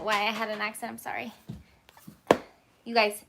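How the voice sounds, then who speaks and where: A woman's voice: mid-range voice, completely flat delivery, normal speed, creaky, pauses often, background noise. A woman in her thirties hosting a live baking stream from a small home kitchen on her phone, chatty, greeting viewers by name and stopping to tell her kids what to do. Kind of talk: casual live-stream chat.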